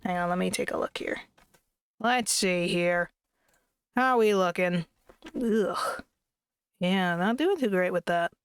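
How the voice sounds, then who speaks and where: A woman's voice: on the low side, measured pace, long pauses, clear, resonant tone, no echo. A woman chatting casually through a let's play, grumbling about lag and joking at her own expense, recorded on a desk microphone. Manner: chatty, complaining about lag, self-deprecating. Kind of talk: casual game commentary. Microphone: desk microphone at a computer.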